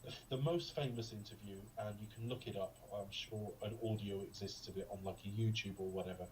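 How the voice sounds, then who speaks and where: A man's voice: lowish voice, fairly even intonation, brisk, darkish tone, distant mic, a little hiss or hum, rough recording. A man co-hosting a podcast, chatting casually about a film in a rambling, digressive way with lots of ums. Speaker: podcast co-host. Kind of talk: casual film review chat.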